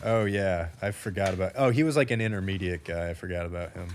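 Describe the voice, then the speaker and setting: This deep-voiced, fast-speaking co-host from the American Midwest chats easily on a podcast, often laughing and fixing his own words mid-sentence. There's a bit of background noise.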